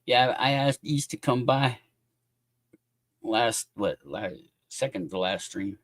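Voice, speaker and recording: A man's voice: mid-range voice, lively intonation, slow pace, no room sound, studio quality. A man hosting a casual livestream, rambling and talking bluntly with plenty of swearing. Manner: profane, blunt, laughing. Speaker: livestream host.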